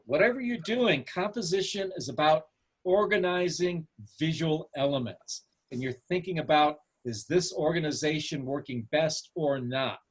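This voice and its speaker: A man's voice: on the high side, breathy edge. A man teaching a photography class over a video call, asking the students questions and encouraging them.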